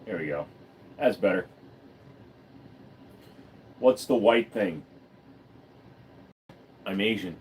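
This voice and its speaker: Male streamer, loose and profane, animated pitch. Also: slow, long pauses, slightly rough. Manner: swears freely, talks to his dog in a high singsong. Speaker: live streamer. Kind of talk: casual live stream chat.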